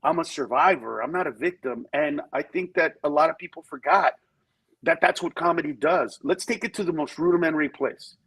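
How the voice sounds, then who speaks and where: A comedian guest on a talk show, telling candid stories and acting out the people in them. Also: male voice, fairly high pitch, a little fast, slightly rough, rough recording. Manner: animated storyteller who acts out voices in quotes.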